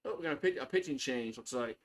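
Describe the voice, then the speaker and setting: A man's voice: medium pitch, expressive, fast. A man giving casual play-by-play on a live stream, loose and chatty, swearing freely. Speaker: live stream sports host.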